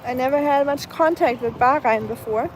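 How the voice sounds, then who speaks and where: Young woman, German accent, slightly high voice, casual chatty streamer, outdoors by phone with faint noise. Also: moderate pace, poor audio. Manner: chatty, laughs often, reads and answers chat. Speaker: live streamer. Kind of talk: casual live stream chat. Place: outdoors, walking a dog.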